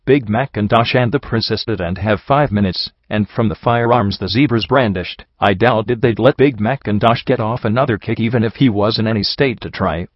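Low-voiced man reading a dramatic story. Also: moderate pace, few pauses, no echo, lo-fi sound. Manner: earnest, emotional. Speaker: narrator.

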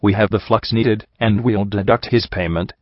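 A man's voice: lowish voice, fairly even intonation, normal speed, no room sound, natural voice. A man voicing a smug, dismissive male griffin mercenary in an audiobook. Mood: snide. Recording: dry, slightly dull home recording.

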